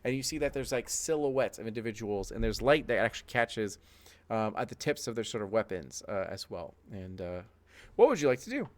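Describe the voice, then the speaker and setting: A man's voice: on the low side, fairly quick. A man narrating as game master of a tabletop game, loose and chatty with many fillers.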